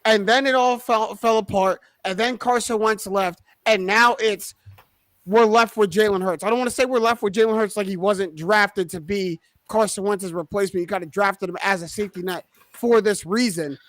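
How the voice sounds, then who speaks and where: A man's voice: high-pitched, fairly even intonation, normal speed, a bit bright, dry recording. A man making an assertive, argumentative case in a casual sports discussion. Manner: assertive, argumentative, some restarts. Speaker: podcast panelist playing a prosecutor.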